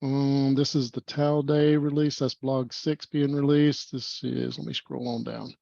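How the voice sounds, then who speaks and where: A man's voice: medium pitch, little pitch movement, gravelly, dark tone, no room sound, lo-fi sound. Rambling man hosting an online meetup. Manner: rambling, fast, many fillers. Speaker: meetup host. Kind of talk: casual online meetup presentation.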